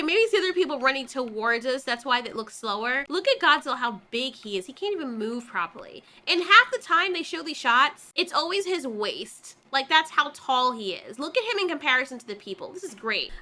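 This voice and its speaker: Woman reacting to a movie: high, lively pitch, bright voice, chatty and quick to laugh. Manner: animated, laughs often, slips into voiced asides. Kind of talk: casual film reaction commentary.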